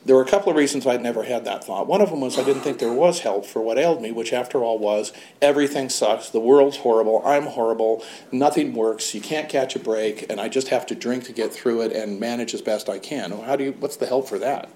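A man's voice: mid-range voice, fairly quick, few pauses, mellow, slight background noise. A man candidly telling his own recovery story with blunt words and wry, self-deprecating humor. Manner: blunt with casual swearing.

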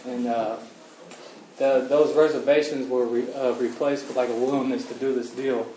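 A man sharing his recovery story at a meeting, halting and earnest with many restarts, emotional. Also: medium pitch, steady tone, mellow, slight background noise. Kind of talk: personal recovery testimony. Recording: roomy echo, far from mic, faint ambience.

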